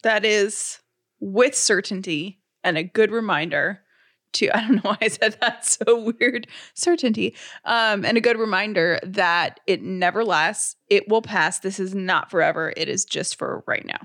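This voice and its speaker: A woman co-hosting a podcast in casual chat, candid and self-deprecating, talking in quick bursts. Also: medium pitch, a bit bright, dry recording, clean studio sound. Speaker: podcast co-host.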